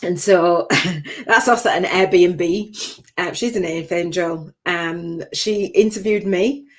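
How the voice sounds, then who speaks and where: A woman's voice: on the low side, slow pace. Older woman, spiritual coach on a live stream, emotional and rambling, laughs through tears. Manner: tearful, laughing, heartfelt and rambling. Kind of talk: emotional personal talk on a livestream.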